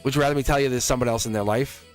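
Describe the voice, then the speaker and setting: A man's voice: mid-range voice, steady tone, racing, soft background music. A middle-aged man reading tarot on a live stream, chatty and playful, laughing often and talking straight to his viewers. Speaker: tarot reader.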